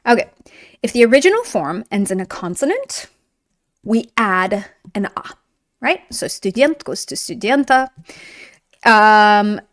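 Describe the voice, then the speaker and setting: A woman's voice: on the high side, dry recording, clean studio sound. A woman teaching a video language lesson in an upbeat, encouraging, chatty way while writing on a board.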